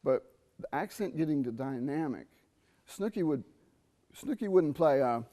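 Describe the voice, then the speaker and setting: A man's voice: fairly high pitch, animated, moderate pace, mellow. A middle-aged man giving a jazz trumpet masterclass in a conversational way, quizzing his listeners and singing out rhythms. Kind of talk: masterclass talk. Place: university theatre stage.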